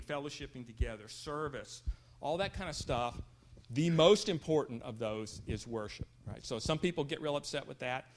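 A man's voice: mid-range voice, a bit bright. Rambling conversational man preaching. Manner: rambling, conversational, self-interrupting. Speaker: church speaker. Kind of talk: sermon.

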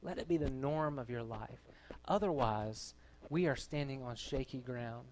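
A man's voice: mid-range voice, unhurried, darkish tone. A man, a pastor, delivering a sermon to his church in an earnest, conversational way. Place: church gathering.

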